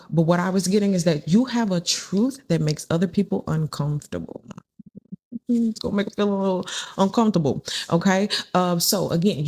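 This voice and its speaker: Her voice sits at medium pitch and sounds a little mellow. As a tarot reader in a casual spiritual session, she chats freely, repeats herself, and acts out the people she talks about.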